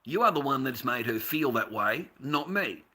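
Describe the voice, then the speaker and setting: An Australian man on a live stream, rambling and confrontational, swearing freely and veering from low muttering to loud outbursts. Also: lively intonation, moderate pace, slightly rough. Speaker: livestreamer.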